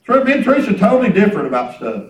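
A man's voice: high voice, big pitch swings, very fast, roomy sound, recorded from a distance, low-quality recording. A man preaching a sermon in a folksy storytelling way, acting out conversations. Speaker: pastor. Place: church hall.

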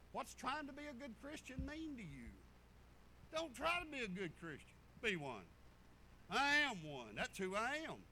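A man's voice: high-pitched, bright, forceful tone, slight background noise. A man, a pastor preaching a folksy sermon full of storytelling asides. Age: 50s.

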